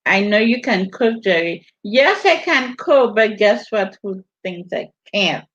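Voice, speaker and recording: A woman's voice: medium pitch, lively intonation, a little slow, fairly bright tone. A woman with a Virgin Islands Caribbean accent, chatting casually on a live stream, reading out viewer comments with teasing laughter. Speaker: vlogger hosting a live stream. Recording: dull lo-fi audio.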